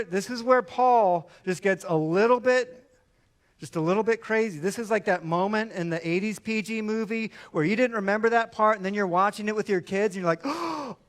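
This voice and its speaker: A man with a fairly high voice preaches to his church. He talks casually and with energy, and acts out short back-and-forth exchanges to make his point. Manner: animated, conversational preaching with mock dialogue. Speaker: pastor. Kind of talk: sermon.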